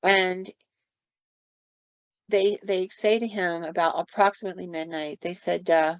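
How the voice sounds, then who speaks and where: A woman's voice: fairly low pitch, fairly even intonation, measured pace, long pauses, clear, resonant tone, no echo. A woman co-hosting a podcast, casually retelling ghost stories with fillers and quoted asides. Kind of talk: storytelling on a podcast. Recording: dull lo-fi dry sound.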